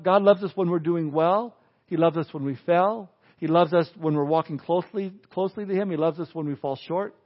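Middle-aged guy preaching, kinda high voice, cracks jokes, muffled old recording. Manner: folksy, joking asides between scripture. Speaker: pastor. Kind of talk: sermon.

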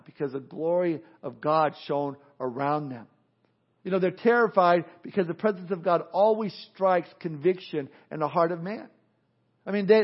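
A man with a Texan accent preaching a sermon as pastor, animated, acting out quotes and little scenes, often repeating himself. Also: sits high. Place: church sanctuary. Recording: dull lo-fi recording.

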